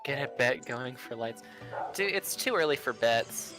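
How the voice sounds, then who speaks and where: A man casually commentating a speedrun race, relaxed and joking, explaining game details. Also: mid-range voice, a little slow, over music.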